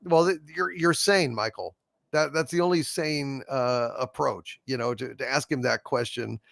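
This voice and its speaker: A man's voice: medium pitch, moderate pace, gravelly, fairly bright tone, no echo, clean studio sound. A man hosting a casual livestream, reading out viewer super chats and reacting in a blunt, profane, joking way. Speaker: host.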